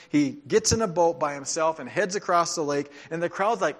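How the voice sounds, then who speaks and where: A man's voice: on the high side, animated, brisk, few pauses. Conversational male pastor. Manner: conversational, drops to quiet emphatic asides. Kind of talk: sermon.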